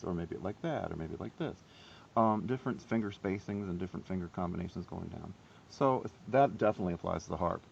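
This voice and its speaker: A man's voice: low voice, gravelly, highs cut off, a little hiss or hum. A man giving a casual, rambling harp lesson, chatty and self-deprecating. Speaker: harp teacher. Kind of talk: casual instructional video.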